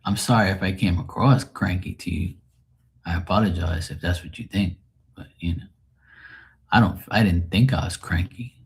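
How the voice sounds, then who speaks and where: A deep, husky man talks loosely to his livestream viewers. He rambles, answers comments as they come in and keeps clearing his throat. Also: normal speed. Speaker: livestream host. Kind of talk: casual livestream chat reading comments.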